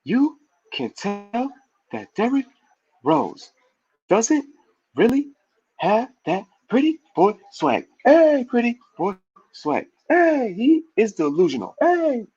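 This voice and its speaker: A man putting on a high, drawn-out impression of a swaggering young male rapper, mocking and dragging out his words. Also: huge pitch swings, a little mellow, slightly rough, highs cut off, heavily acted. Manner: squeaky, drawn-out, mocking delivery.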